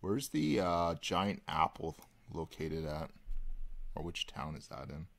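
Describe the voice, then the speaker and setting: Slow, low-voiced card break host. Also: male voice, creaky. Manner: relaxed, rambling, chatting with viewers between card calls. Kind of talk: casual live-stream chat while opening cards.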